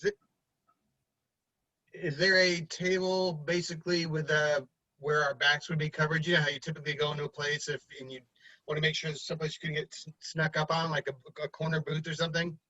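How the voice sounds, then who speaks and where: A man with a bright, tense, fairly high voice talks strategy at the table, joking and restarting his sentences as he thinks. His audio is dry and a bit dull, as from a basic home mic. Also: level tone, fairly quick, no echo. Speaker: player. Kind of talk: casual tabletop play.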